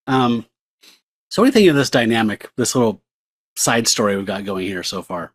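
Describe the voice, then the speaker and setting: A man's voice: mid-range voice, animated, moderate pace, long pauses. A man co-hosting a podcast, casually summarizing and reading a comic book aloud, joking along. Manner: easygoing, joking, reads comic panels aloud. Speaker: podcast co-host.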